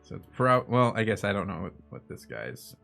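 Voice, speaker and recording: A man's voice: fairly low pitch, very animated, a little fast, gravelly, bright, forceful tone, faint music behind. A young man playing a tabletop game in casual chat, joking and laughing often. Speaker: player.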